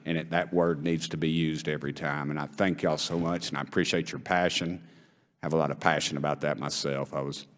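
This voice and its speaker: A middle-aged man with an East Tennessee Southern accent, speaking as a congressman at a hearing in a folksy, rambling, heartfelt way. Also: very deep voice. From Knoxville, Tennessee. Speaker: congressman questioning witnesses. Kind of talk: hearing testimony, folksy storytelling. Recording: long reverb of a hearing room.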